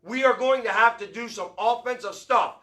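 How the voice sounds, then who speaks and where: A man hosting a fan sports show, ranting in a fired-up, rambling way and shouting his points. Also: very high-pitched, moderate pace. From Philadelphia area. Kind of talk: fan commentary rant. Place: tavern.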